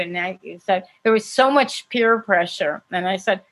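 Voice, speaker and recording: A woman's voice: on the high side, unhurried, rough recording. Older woman, american, chatty storyteller, frequent laughter, casual interview. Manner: lively storyteller, laughs often. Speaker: actress and guest.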